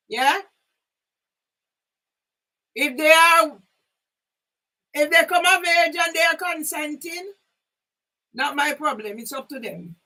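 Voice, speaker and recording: High, bright-voiced older woman ranting. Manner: emphatic, rambling, with sudden loud outbursts. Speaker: vlogger. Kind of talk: impassioned monologue to camera. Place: sitting at home. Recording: voice a bit far from the mic.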